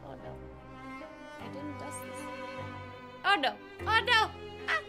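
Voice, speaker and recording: A bubbly woman chatting on a game stream, her voice high and bouncing all over the place. She giggles often and talks casually to her viewers. Game music plays clearly behind her. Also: very animated, slow. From United States. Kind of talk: casual gaming stream chat.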